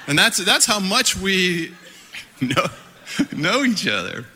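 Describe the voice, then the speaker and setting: A middle-aged man preaching a sermon, animated and playful, laughing often as he talks. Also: sits high, slow pace, a little hiss or hum. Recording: hall reverb.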